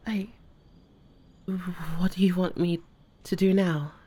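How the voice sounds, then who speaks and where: A woman performing a one-sided audio role-play, swearing freely, often dropping to a hushed whisper and stammering through restarts when flustered. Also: lowish voice, steady tone, slow.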